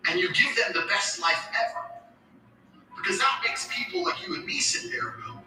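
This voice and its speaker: A man's voice: sits high, huge pitch swings, normal speed, bright, forceful tone. A man ranting bluntly in a profane, emphatic monologue. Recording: echoey, distant, music behind.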